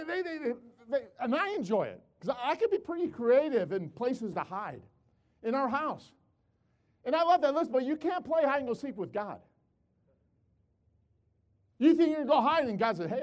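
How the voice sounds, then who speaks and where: An older man preaching with a strikingly high voice that leaps up and down. He tells stories animatedly, repeating words as he goes, and calls out to the congregation. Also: big pitch swings, moderate pace, long pauses. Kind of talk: sermon.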